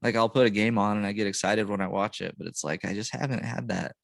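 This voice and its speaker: A man with a fairly low voice chats in an easygoing, unhurried way, tossing in "dude" and "man" as he hosts a sports podcast. The sound is dry and close, with no room around it. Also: creaky, no room sound. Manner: laid-back, says dude and man a lot. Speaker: podcast host. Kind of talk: casual chat.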